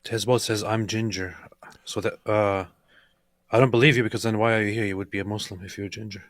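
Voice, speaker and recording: A man's voice: lowish voice, level tone, quick pace, dry recording. A man co-hosting a casual livestream, making dry, blunt remarks. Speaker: co-host.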